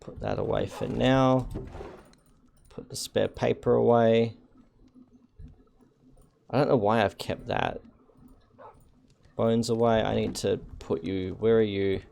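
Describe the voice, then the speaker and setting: A man streaming a game and chatting casually with viewers, dry and wry, with halting restarts. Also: on the low side, steady tone, gravelly, darkish tone, a little hiss or hum. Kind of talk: casual live-stream chat while gaming.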